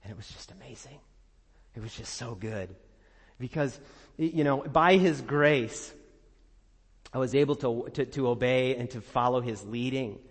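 A man preaching a sermon as a pastor, earnest and conversational, laughing at times and dropping soft and low in prayerful moments. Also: normal speed, pauses often, slightly rough, in a large hall. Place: church.

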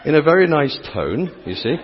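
English priest, middle-aged, teasing the congregation, dull lo-fi recording with a long church echo. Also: male voice, fairly high pitch, big pitch swings, fairly quick, a faint crowd, slight background noise. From England. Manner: playful, teasing, chatty with the congregation. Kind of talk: interactive sermon with volunteers.

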